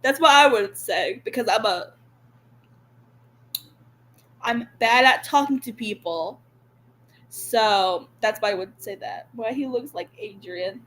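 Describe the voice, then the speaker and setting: A woman's voice: a little high, unhurried, fairly bright tone, a little hiss or hum, poor audio. A young woman chatting as a friend on a reaction video, rambling and sleepy, trailing off. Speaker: co-host friend. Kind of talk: casual chat.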